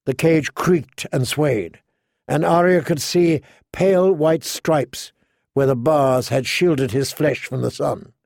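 Measured male audiobook narrator. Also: a little high, creaky, darkish tone, no echo, clean studio sound. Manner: measured, unhurried, vivid. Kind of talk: scripted narration.

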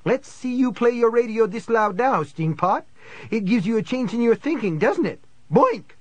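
Man voicing a crazed knife-wielding man in a tux, high shrill taunts, sneering, loud, dry close sound. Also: expressive, moderate pace, dry recording. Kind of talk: audiobook character voice.

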